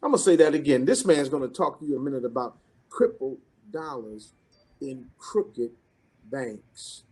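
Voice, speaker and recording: A man's voice: a little high, breathy edge. A man hosting an online business event, introducing the next speaker in a rhythmic, preacher-like style with repeated calls to the audience. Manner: preacherly, rhythmic repetition, rising to excited calls. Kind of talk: energetic motivational introduction.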